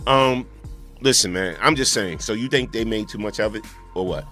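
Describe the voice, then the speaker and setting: Animated guy on a call-in radio show, bright forceful voice, soft music behind. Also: lowish voice, moderate pace. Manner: animated, talkative storyteller. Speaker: co-host. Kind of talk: casual call-in radio talk.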